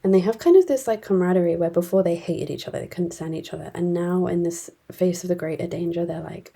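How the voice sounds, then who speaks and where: A woman chats her way through a book recap in a low, husky voice. She rambles with plenty of fillers and slips into the occasional whispered aside. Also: brisk, hardly any pauses, warm tone. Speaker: book reviewer.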